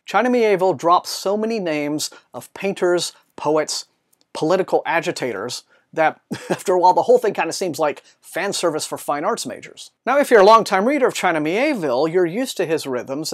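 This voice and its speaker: A man presents a scripted book review as the host of his show. He talks in an articulate, measured way and slips in dry asides. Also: a little high.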